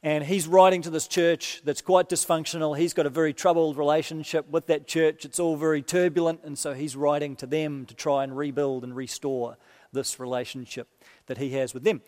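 Man preaching, high voice, conversational then impassioned, long hall reverb. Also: fairly even intonation, brisk, a little mellow. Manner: conversational, builds to impassioned emphasis. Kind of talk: sermon with scripture reading.

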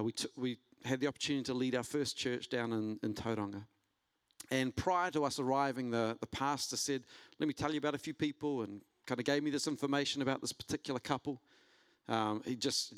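A man preaching a sermon, telling a personal story and building to an animated delivery. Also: no room sound. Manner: storytelling, rising in pitch and intensity when preaching. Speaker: pastor.

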